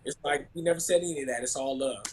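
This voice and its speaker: A man, a former basketball player telling animated stories in a casual chat. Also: medium pitch, quick pace, poor audio. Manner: animated storyteller, laughs often, acts out quotes.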